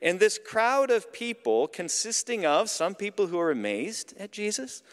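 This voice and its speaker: A man preaching a sermon as pastor, telling a story in an animated, conversational way. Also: high voice, moderate pace. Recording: long hall reverb.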